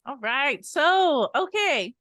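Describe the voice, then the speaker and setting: A young adult woman co-hosting a sales podcast, upbeat and energetic, laughing often as she coaches. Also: high voice, slow, no room sound.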